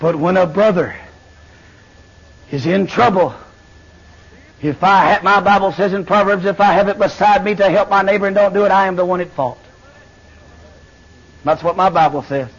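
A man preaching a fiery sermon, swinging between shouted lines and low murmurs. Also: normal speed, pauses often, breathy edge. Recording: dull lo-fi sermon recording.

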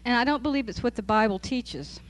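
With a voice on the high side and a slightly fast pace, a woman guides a group Bible study informally. She's conversational and clearly amused, often laughing as she reads from scripture.

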